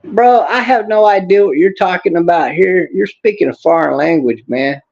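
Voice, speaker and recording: Blunt streamer, fairly high gravelly voice, reads chat and rants, dull lo-fi audio. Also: male voice, normal speed, a little mellow. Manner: blunt, angry, swears, talks back to chat. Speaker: livestream host reading chat. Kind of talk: casual political livestream rant.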